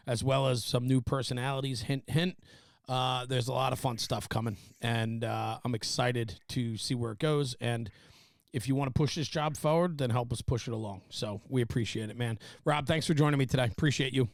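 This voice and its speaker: A podcast host with a mid-range voice chats casually and rambles, using lots of fillers. The recording is studio quality with no room sound.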